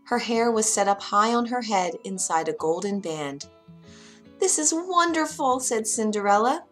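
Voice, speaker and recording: A woman narrating a children's fairy tale in an expressive storytelling voice. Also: medium pitch, normal speed. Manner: expressive, does character voices. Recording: faint music behind.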